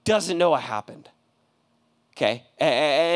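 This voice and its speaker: A male pastor preaching a sermon in a casual, animated storytelling manner, with plenty of slang. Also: fairly high pitch, normal speed, pauses often.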